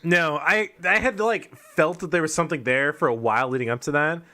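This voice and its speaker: A man's voice: fairly high pitch, a little fast, bright, forceful tone. A man co-hosting a podcast, telling a long, profane, self-mocking story in casual chat.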